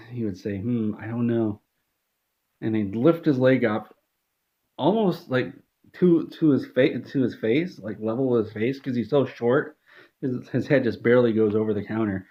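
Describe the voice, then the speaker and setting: Deadpan man telling a comic story. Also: medium pitch, muffled recording. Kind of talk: comedic storytelling.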